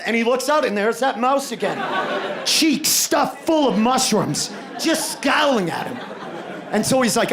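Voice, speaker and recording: A man from the United States performing a stand-up comedy set, telling stories loudly and shouting suddenly at times. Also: very high-pitched, normal speed. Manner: loud, animated storytelling with sudden shouts. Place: live comedy venue with audience. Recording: live show with crowd noise.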